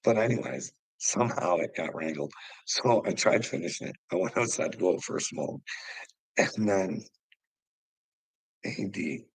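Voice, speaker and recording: A man's voice: sits low, expressive, moderate pace, creaky, long pauses, husky, no echo, rough recording. A middle-aged man ranting heatedly to his livestream chat, swearing a lot and laughing often. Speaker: livestream host talking to chat. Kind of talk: casual livestream rant.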